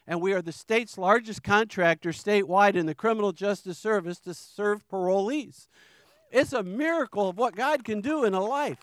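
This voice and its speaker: A middle-aged man from New York shares his testimony in church. His voice sits high and comes across smooth and clear. He speaks earnestly, stumbling and repeating words, and the recording is close and dry. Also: moderate pace, no room sound. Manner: earnest, repeats words and restarts, emotional emphasis. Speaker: ministry founder giving testimony.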